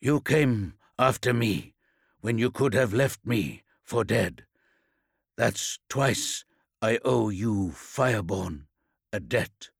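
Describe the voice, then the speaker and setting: A man's voice: on the low side, lively intonation, takes it slowly, creaky, husky, no echo, studio quality, full character voice. A man voicing a fierce, savage male warrior with a guttural, snarling voice in an audiobook. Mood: gruff. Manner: snarling, growled commands.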